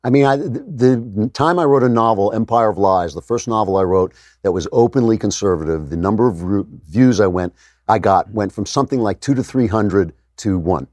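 A middle-aged man interviewing a guest in a political talk, thoughtful and halting, with many fillers. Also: fairly low pitch, darkish tone, dry recording.

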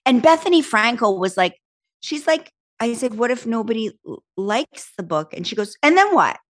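A woman, chatting as an interview guest and telling animated, laughing stories. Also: on the high side, normal speed. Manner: animated storyteller, acts out voices, laughs often. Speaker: talk show host and author, guest. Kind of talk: casual interview chat.

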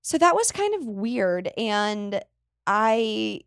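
A woman's voice: on the high side, sing-song, drawn-out words, vocal fry, no echo, clean studio sound. A young woman in her twenties hosting a casual solo podcast, chatty and rambling, often correcting herself mid-sentence. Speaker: podcast host.

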